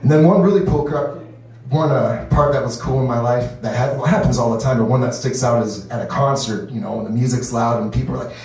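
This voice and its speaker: On a comedy club stage, a man doing his first stand-up set rambles loosely, saying "you know" a lot and acting out voices. His medium-pitched voice is fairly quick and a little mellow, picked up by a distant mic in an echoey room.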